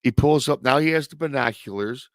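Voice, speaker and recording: A man's voice: medium pitch, fairly quick, dry recording. A male host telling a story in a casual, rambling way, full of restarts and stock filler phrases. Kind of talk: casual storytelling on a live show.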